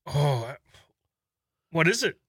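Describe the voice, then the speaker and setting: A man acting as co-host, giving short deadpan replies in casual chat. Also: on the high side, takes it slowly, slightly rough, dry recording, studio quality. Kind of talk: casual radio-style chat.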